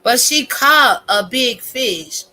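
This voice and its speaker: A woman giving a casual, profane, animated rant as a YouTube commentator, talking straight to her viewers. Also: fairly high pitch, slow.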